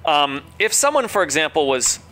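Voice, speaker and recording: A man running a tabletop game as game master, talking with many fillers and pauses. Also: a little high, big pitch swings, bright, forceful tone, faint music behind. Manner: rambling, hesitant with many fillers.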